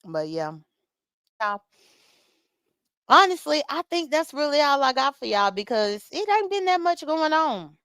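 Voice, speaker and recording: A woman's voice: high-pitched, very animated, a little slow, long pauses, fairly bright tone, no echo. A chatty woman, recapping online drama in a casual morning chat with her viewers, laughing often and talking straight to commenters by name. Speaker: vlogger recapping livestream drama. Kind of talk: casual chat to viewers while getting ready.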